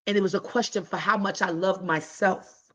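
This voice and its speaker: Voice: medium pitch, steady tone, a little fast, fairly bright tone. A livestream host giving heartfelt advice in a casual, emphatic way, talking straight to viewers with colloquial slang. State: voice cracking.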